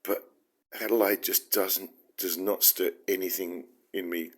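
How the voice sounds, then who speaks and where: A man's voice: sits low, little pitch movement, unhurried. An Australian man hosting his own show, talking through his feelings in an earnest, heartfelt and rambling solo monologue. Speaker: podcast host.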